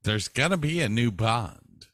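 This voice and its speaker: A man co-hosting a casual chat, asking his partner questions at an unhurried pace. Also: medium pitch, lively intonation, fairly bright tone, dry recording, studio quality. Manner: leads with questions, slow and drawn out.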